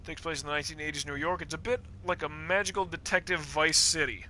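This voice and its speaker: A man streaming a game live, rambling in casual, profane, animated rants about the story's characters. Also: fairly high pitch, quick pace, a little hiss or hum.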